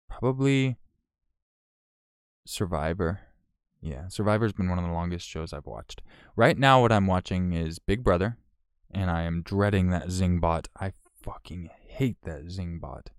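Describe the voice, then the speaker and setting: A man with a low, gravelly voice chats live with his viewers in a close, dry recording. He talks frankly, curses often and circles back on himself mid-sentence. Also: dry recording. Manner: frank, profane, rambling with restarts. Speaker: live streamer answering chat. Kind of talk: casual live chat.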